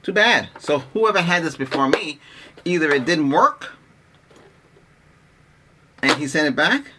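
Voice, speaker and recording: A man's voice: a little high, expressive, a little slow, background noise. A middle-aged man rambling in an exasperated, casual rant as a tech vlogger, restarting his sentences often. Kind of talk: casual ranting vlog.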